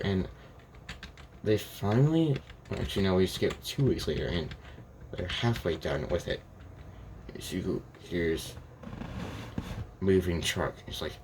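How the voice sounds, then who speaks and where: A man's voice: low voice, darkish tone, a little hiss or hum. A young man telling an improvised fan story, rambling with constant restarts and quoting each character's lines in his own plain voice.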